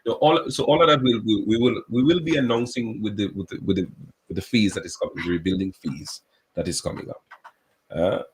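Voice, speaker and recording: A man's voice: on the low side, a little fast, a little hiss or hum, low-quality recording. A man, a government official speaking as a guest on a radio talk show, earnest and explaining at length with many restarts.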